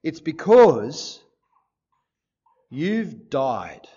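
A man preaching a sermon to a congregation, lively and joking, often asking his listeners questions. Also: a little high, drawn-out words, highs cut off. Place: church service before a congregation.

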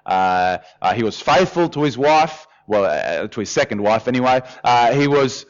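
A man's voice: mid-range voice, moderate pace, lo-fi sound. A man preaching a sermon in a conversational way, often acting out voices. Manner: lively, conversational, often acts out quoted voices. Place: church hall.

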